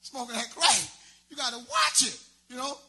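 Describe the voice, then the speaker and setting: A man's voice: very high-pitched, moderate pace, pushed and bright. A man doing a stand-up comedy set, telling loose, rambling stories full of street slang.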